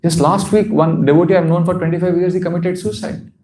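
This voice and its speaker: A man's voice: sits high, fairly even intonation, a little fast, a little mellow, slight background noise. Laughing man teaching devotion. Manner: earnest, often breaks into laughter; repeats phrases for emphasis. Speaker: spiritual teacher. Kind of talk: devotional seminar talk.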